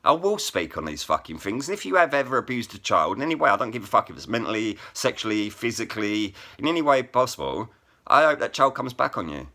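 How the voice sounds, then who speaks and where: Forceful, sharp-voiced man ranting. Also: mid-range voice, sing-song, fast. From England. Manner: blunt, heavily profane, repeats "bruv" and "innit". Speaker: vlogger and rap poet. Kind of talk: angry to-camera rant.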